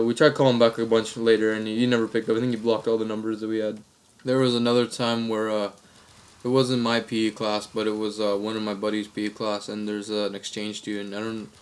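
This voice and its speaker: A man's voice: fairly low pitch, little pitch movement, a little fast. A young man vlogging, telling funny stories in a casual, rambling way full of crude slang. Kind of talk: casual comic storytelling.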